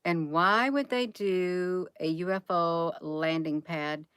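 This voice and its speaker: A woman's voice: lowish voice, takes it slowly, fairly bright tone, clean tone, dry recording. A woman hosting a casual livestream, musing aloud, reading from the screen and answering chat. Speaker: livestream host.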